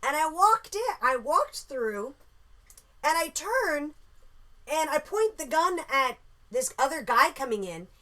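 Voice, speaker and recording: Animated, bright-voiced woman telling a story. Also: high voice, takes it slowly. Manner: animated, swears freely. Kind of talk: casual storytelling.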